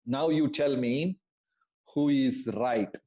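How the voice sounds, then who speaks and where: A man telling a story in an online class for children, animated and asking the class questions. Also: mid-range voice, slow, reverberant, highs cut off. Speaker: storytelling teacher.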